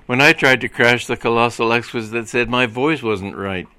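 A man voicing a touchy young patrolman who talks indignantly and loudly. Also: medium pitch, moderate pace, smooth, no room sound, lightly acted.

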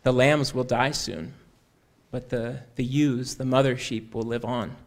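A man's voice: mid-range voice, fairly even intonation, measured pace, vocal fry. A man doing a sad, earnest shepherd. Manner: earnest, raising his voice to be heard.

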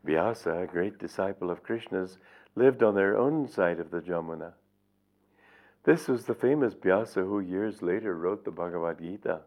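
A man's voice: low voice, moderate pace, darkish tone. An older man, a spiritual teacher, reading aloud from his book and commenting in a reflective storytelling manner. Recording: tinny lo-fi recording.

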